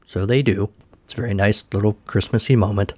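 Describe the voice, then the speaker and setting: A man's voice: on the low side, fairly even intonation, a little fast, darkish tone, no room sound. A man hosting a podcast, recapping a cartoon special in a casual way with wry, sarcastic asides. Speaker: podcast host.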